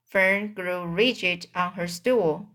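A woman reading a storybook aloud, careful and halting, with slips and restarts. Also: fairly low pitch, fairly bright tone. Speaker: reader. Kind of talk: audiobook reading practice.

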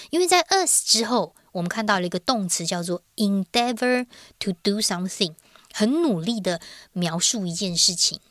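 A woman teacher with a Taiwanese Mandarin accent walks through a grammar lesson at an easy pace. She speaks lively and clear, drawing out the ends of her sentences. The recording is dry and close. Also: mid-range voice, no echo. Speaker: Chinese teacher.

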